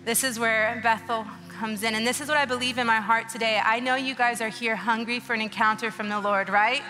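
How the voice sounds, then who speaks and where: A woman in her thirties delivers an earnest, emotional testimony sermon, her voice bright and a little high. She speaks into a stage mic in a large church auditorium, with long reverb trailing her words and faint music playing beneath. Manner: emotional, earnest, preaching with rising urgency. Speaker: guest speaker. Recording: long hall reverb with soft music behind.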